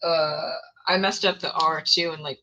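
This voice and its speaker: A woman's voice: low voice, fairly even intonation, normal speed, pushed and bright, low-quality recording. A woman hosting a casual video call, playful and teasing, laughing often. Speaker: host. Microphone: headphones on a video call.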